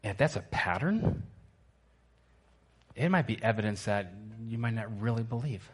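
A man's voice: on the low side, animated, moderate pace, husky. A male pastor preaching a sermon to his church, emphatic and repetitive, asking the congregation to answer back.

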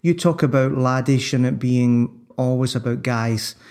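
A man co-hosting a sports discussion, calmly arguing his own view with confidence. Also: mid-range voice, measured pace. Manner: confident, persuasive, builds an argument. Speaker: podcast co-host. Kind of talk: casual discussion.

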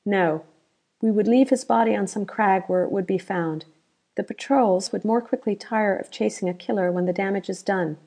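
A woman voicing a half-drunk male bandit chief who is boastful and crafty, talking loud and demanding. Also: medium pitch, moderate pace, close to an everyday voice. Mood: scornful.

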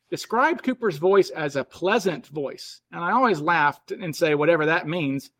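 A man from the American South hosting a podcast in a relaxed, conversational way. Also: a little high. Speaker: podcast host. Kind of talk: casual podcast interview.

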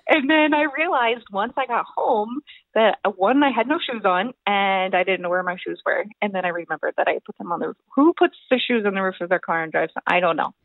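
A young woman telling stories about competition prep in a rambling, animated way, full of fillers. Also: mid-range voice, brisk, no room sound. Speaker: bodybuilding competitor, podcast guest. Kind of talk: casual storytelling chat. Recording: thin phone-like line.

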